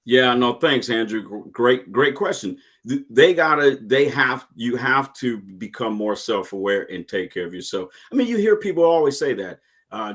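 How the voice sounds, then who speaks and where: A middle-aged man in a relaxed interview, telling his story with earnest energy. He often doubles back on his words before pushing on. His voice sits in an ordinary middle register. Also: mid-range voice, normal speed. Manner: earnest, animated storytelling with repeated restarts. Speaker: guest, retired Marine and podcast host. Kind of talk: casual interview chat.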